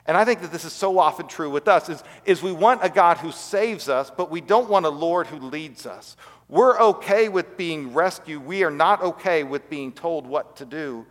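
A man's voice: fairly high pitch, moderate pace. Earnest male pastor, echoing sermon. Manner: earnest storytelling, drops to quiet emphasis.

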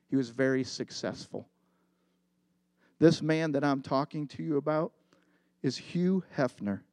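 A man's voice: mid-range voice, darkish tone, no room sound. A middle-aged man preaching a sermon as pastor, earnest and confessional, telling a story with emphatic repetition.

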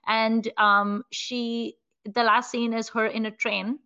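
A woman's voice: a little high, slow, clear, resonant tone, dull audio. Chatty woman podcast host. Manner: animated retelling with lots of "like" and "you know". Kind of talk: casual film discussion.

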